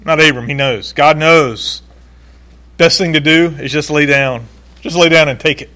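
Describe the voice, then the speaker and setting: A male pastor preaching a sermon in an animated way, acting out quoted voices and laughing now and then. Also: on the high side, moderate pace.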